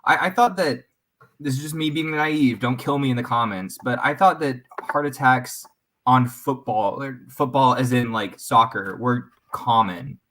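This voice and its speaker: A man's voice: mid-range voice, unhurried, bright, forceful tone. A man in a casual livestream chat, easygoing and hedging, with dry sarcasm.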